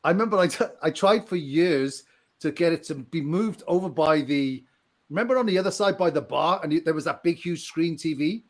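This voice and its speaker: High, lively man telling jokey stories. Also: brisk. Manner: animated, joking, exasperated storytelling. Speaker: podcast co-host, casino dealer. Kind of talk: casual podcast chat.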